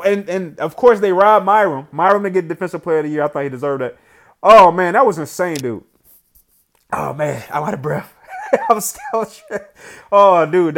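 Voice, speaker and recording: A man hosting casual gameplay commentary, chatty and excited, with hype slang and shout-outs. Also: a little high. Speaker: gaming channel host.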